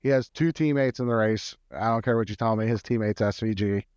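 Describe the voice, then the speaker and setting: A man with a smooth, clear voice breaks down betting angles on a casual podcast. He thinks aloud, restarting sentences as he goes. The recording is dry and close. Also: fairly low pitch, a little fast, a little mellow, dry recording. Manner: analytical, many fillers and restarts. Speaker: podcast co-host, betting analyst. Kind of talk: casual sports betting chat.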